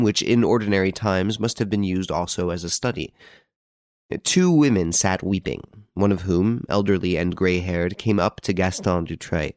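Man reading an audiobook, lowish voice, steady measured pace, dry close sound. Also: no echo. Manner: measured, even storytelling. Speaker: narrator. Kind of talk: scripted audiobook narration.

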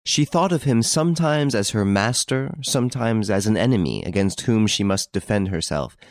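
A man's voice: fairly low pitch, animated, normal speed, dry recording. A man narrating a classic novel as an audiobook, reading expressively. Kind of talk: scripted narration.

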